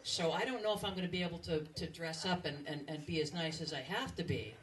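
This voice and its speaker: A woman's voice: deep voice, fairly quick. A woman in her fifties gives a joking farewell speech as the outgoing president and emcee. She mocks herself and uses a lot of fillers. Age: 50s. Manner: self-mocking and joking, with many fillers. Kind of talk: humorous farewell speech at an event. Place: large banquet room with a laughing audience. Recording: distant, noisy recording over a loud crowd.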